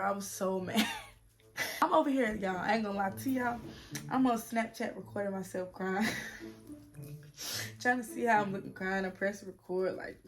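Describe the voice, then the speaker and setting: A young woman in her twenties tells a story straight to her camera in a relaxed vlog. She talks in an animated, slangy way, addressing her viewers directly, with a voice of ordinary pitch. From United States. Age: 20s. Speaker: vlogger.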